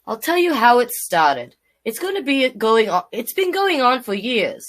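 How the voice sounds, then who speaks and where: A woman's voice: fairly high pitch, big pitch swings, measured pace. Woman doing an indignant Aussie koala. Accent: put-on Australian. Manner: indignant, sing-song rhyming storybook reading. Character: grumpy male koala fed up with being called a bear.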